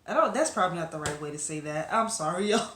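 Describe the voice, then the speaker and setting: A woman's voice: lowish voice, lively intonation, fast talker, a bit bright, roomy sound, a little hiss or hum. A woman reviewing a webcomic episode to camera in a casual, rambling chat full of fillers and asides to her viewers.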